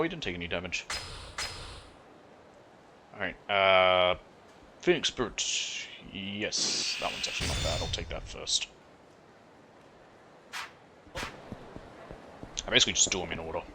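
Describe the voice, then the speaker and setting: A man's voice: low-pitched, sharp tone, a little hiss or hum. A man streaming a game, making casual joking commentary and talking back to the game.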